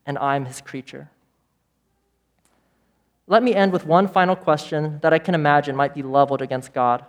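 A man preaching a sermon as pastor, emphatic, with repeated phrases and dramatic pauses. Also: on the high side. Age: adult parent of young children.

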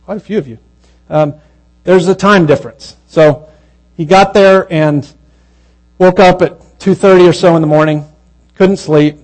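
A man preaching a sermon, telling a story in a conversational way and dropping to a hushed, slow voice at its tender moments. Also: high-pitched, low-quality recording.

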